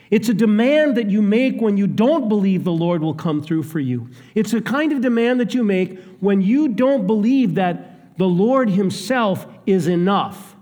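Slow-preaching man in a reverberant hall. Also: high-pitched. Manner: dramatic swings between hushed and raised delivery. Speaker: pastor. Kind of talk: sermon.

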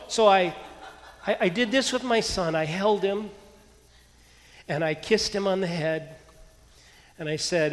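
Male pastor, sermon, storytelling then hushed prayer, fairly high voice, echoing hall. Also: moderate pace, pauses often. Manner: animated storytelling, dropping to soft prayer. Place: church hall. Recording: long hall reverb.

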